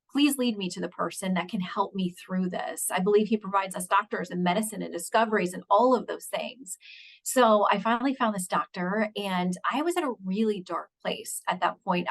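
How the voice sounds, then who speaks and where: A woman guest in an interview, earnestly recounting a personal story of illness and faith. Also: medium pitch. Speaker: guest, news anchor and author.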